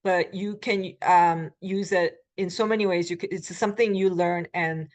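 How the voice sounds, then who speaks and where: Low-voiced woman teaching a language class. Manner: explains step by step, modeling short Korean phrases; relaxed, with frequent filler pauses. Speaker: Korean language instructor. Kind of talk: recorded beginner language lecture.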